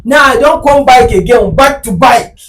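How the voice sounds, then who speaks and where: High-voiced Nigerian man hosting, animated. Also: normal speed, a little hiss or hum, rough recording. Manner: animated, joking, bursts into shouting. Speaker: podcast host. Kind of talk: casual chat.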